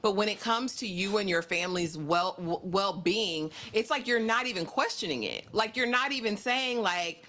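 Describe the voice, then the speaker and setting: A woman co-hosting a casual TV recap chat, sassy and animated, often acting out the characters she quotes. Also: medium pitch, normal speed, few pauses. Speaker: podcast co-host.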